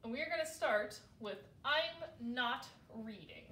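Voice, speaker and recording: A woman as a children's librarian, reading picture books aloud for babies in a sing-song, animated way. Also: a little high, a little slow. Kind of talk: storytime read-aloud for babies. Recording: roomy, from a distance.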